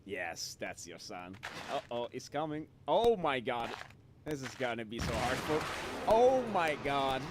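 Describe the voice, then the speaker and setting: A man streaming a video game, reacting excitably to it with frequent laughter and shouted exclamations. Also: medium pitch, a little slow, noisy background. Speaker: VTuber streamer. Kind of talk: live gameplay commentary. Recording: game music behind the voice.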